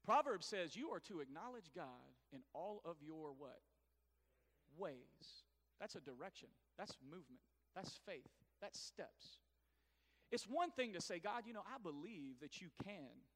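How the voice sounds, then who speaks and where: A man's voice: sits high, unhurried. A middle-aged man preaching a sermon, calling on the congregation to answer back. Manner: animated preaching with call-and-response to the congregation. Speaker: pastor. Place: church sanctuary. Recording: long reverb of a church hall.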